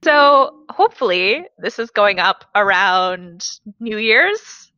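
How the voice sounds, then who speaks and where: A woman's voice: medium pitch, very animated, slow, pushed and bright, dry recording, dull audio. A woman co-hosting a casual podcast, telling stories in a chatty, wry way. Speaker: podcast co-host.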